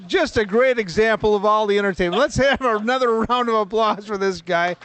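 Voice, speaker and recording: A man's voice: high-pitched, brisk, a bit bright, slight background noise. A man hosting a radio show, interviewing a guest in an upbeat way.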